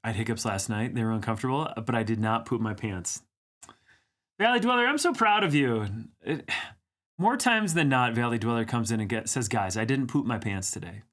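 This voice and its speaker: Male livestream host, mid-pitch, loose and chatty, teasing chat readers. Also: expressive, brisk, a bit bright. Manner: chatty, reads viewer comments aloud, teasing. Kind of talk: casual live-chat banter.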